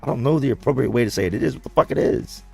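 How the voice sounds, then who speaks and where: A man's voice: medium pitch, vocal fry, breathy edge. A man hosting a livestream, telling a story to his viewers in a blunt, profane, conversational way. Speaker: livestream host reading comments.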